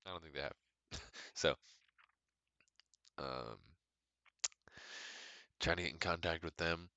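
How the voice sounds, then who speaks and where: A young man hosts his own podcast from his apartment. His voice sits extremely low but has a bright, forceful edge. He rambles in a candid, self-deprecating way, full of fillers, and the sound is dry and close. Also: slow, smooth, dry recording. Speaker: podcast host. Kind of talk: casual solo podcast chat.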